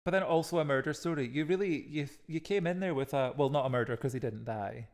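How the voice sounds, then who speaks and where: A man's voice: on the high side, quick pace, a little mellow. A man co-hosting a podcast, talking in a playful, encouraging way and joking around. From Scotland. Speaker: podcast co-host. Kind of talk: casual podcast chat.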